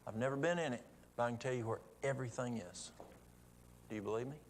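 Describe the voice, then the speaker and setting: Man, gravelly low-middle voice, folksy church storyteller, faint hiss behind. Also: fast. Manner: folksy testimony storytelling with quoted dialogue. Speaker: church speaker. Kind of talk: sermon storytelling.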